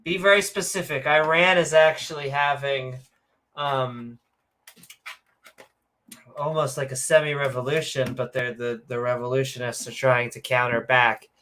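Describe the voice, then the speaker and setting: A woman's voice: very deep voice, fairly even intonation, a little slow, a bit bright. A woman co-hosting a casual podcast, reading out viewer comments in a rambling, joking way with lots of fillers and self-corrections. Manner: sarcastic, joking. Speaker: podcast co-host.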